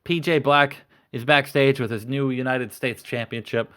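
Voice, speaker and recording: A man's voice: medium pitch, fairly even intonation, moderate pace, sharp tone, smooth. A young man hosting, casually recapping a wrestling booking game in a rambling, profane way. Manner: rambling, profane, retells storylines. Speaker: host.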